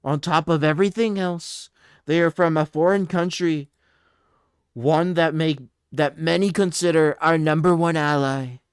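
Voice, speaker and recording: A man doing an impression of a blustering older male politician, reading a post in a loud, drawn-out, emphatic voice. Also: fairly high pitch, steady tone, clear, resonant tone, dry recording, studio quality, voice pushed up, lightly acted. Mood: bombastic.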